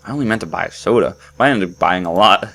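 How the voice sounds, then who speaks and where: A man's voice: low-pitched, fast, gravelly, a bit bright. A man giving casual, rambling commentary while playing a game and joking with viewers. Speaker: let's play commentator.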